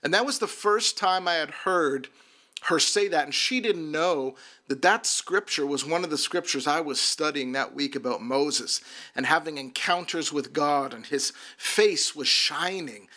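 A man's voice: fairly high pitch, measured pace, sharp tone. A man who works as a minister, telling his personal testimony earnestly and often repeating words as he restarts a sentence.

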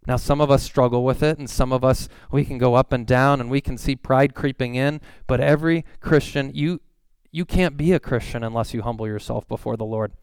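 A man preaching a sermon in a conversational way, reading scripture verses slowly and acting out the people he quotes. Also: medium pitch, darkish tone, smooth, no room sound. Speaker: pastor.

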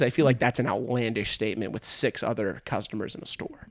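Pria muda bercerita lucu sambil tertawa. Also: male voice, fairly low pitch, a little fast, no echo, studio quality. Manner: animated storyteller, laughs often. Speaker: podcast co-host. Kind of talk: casual podcast storytelling.

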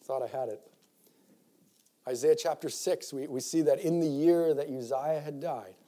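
Man, preacher, sermon to youth, fairly high pitch, mellow dark tone, fervent, scripture reading. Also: moderate pace. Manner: builds from quiet reflective passages to loud fervent exhortation; reads scripture in King James wording, with repeated restarts. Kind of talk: sermon to young people.

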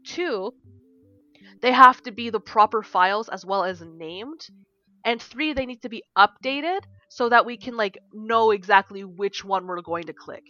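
A woman with a bright, clear voice tells a story on a casual podcast. She is animated, swears freely and acts out the dialogue herself. The recording sounds a bit dull and lo-fi. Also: medium pitch, a little slow, no room sound, soft background music. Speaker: podcast co-host and game design teacher.

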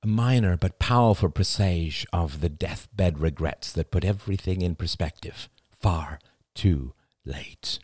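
A man reading a novel aloud as an audiobook, with expressive, dramatic storytelling. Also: low-pitched, a little slow, dry recording, studio quality. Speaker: audiobook narrator. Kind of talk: scripted audiobook narration.

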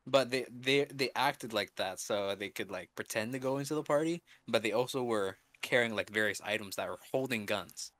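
A young man co-hosting a podcast, telling a story in a rambling, halting way full of fillers. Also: mid-range voice, a bit bright, dry recording. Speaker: podcast co-host. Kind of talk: casual storytelling.

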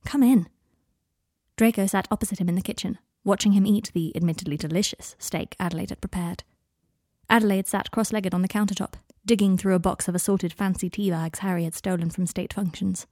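A woman reads her own story aloud in a steady, measured narrating voice, mid-pitched and unhurried. The recording is dry and close-miked, with no room around it. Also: no room sound. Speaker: podcast host reading her own fanfiction.

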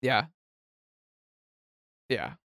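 A man's voice: extremely slow, a bit bright, dry recording, studio quality. A young man co-hosting a podcast in casual chat, wry and laid-back, laughing often. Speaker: podcast co-host.

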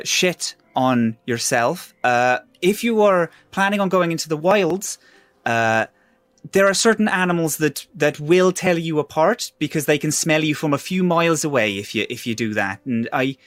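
Guy doing a shy little welsh toad healer, higher voice, stammery and sorry about everything, dry sound. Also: fairly bright tone, no room sound. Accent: put-on Welsh. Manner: halting, nervous, apologetic. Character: timid male toad healer, small and apologetic.

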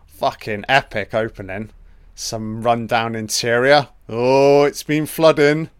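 A man hosting a casual film commentary, reacting excitably and swearing freely as the film plays. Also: medium pitch, takes it slowly, clear, resonant tone, no room sound, clean studio sound. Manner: profane, excitable running reactions.

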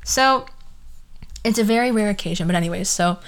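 A woman's voice: mid-range voice, fairly quick. A young woman hosting a podcast, ranting casually in an exasperated, sarcastic way, swearing freely and trailing off into asides. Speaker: podcast host.

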